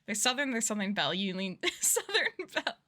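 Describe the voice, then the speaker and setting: A woman's voice: medium pitch, sing-song, brisk, pushed and bright. Giggly, chatty woman streamer. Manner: chatty, giggly, self-deprecating. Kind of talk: casual livestream chat while gaming.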